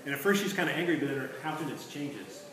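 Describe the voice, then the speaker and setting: A man teaching a literature lesson in an animated, questioning way. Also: fairly high pitch, fast talker, a crowd in the background. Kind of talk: literature lecture with read-aloud. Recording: echoey room from far off, noisy.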